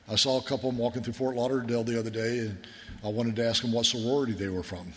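A man's voice: medium pitch, fairly even intonation, racing. Man preaching in a reverberant hall. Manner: conversational storytelling, earnest and folksy. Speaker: military chaplain. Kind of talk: sermon with war stories.

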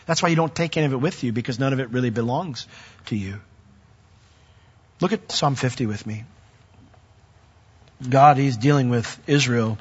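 Husky-voiced pastor preaching in an echoey hall. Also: male voice, mid-range voice, dull audio. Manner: builds to loud, emphatic peaks when reading scripture; conversational asides to the congregation. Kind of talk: sermon.

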